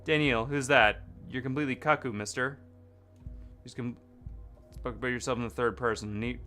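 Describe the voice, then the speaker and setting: A young man streaming a game, reading the characters' lines aloud and breaking off into loud, excited chatter with his viewers. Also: mid-range voice, brisk, soft background music.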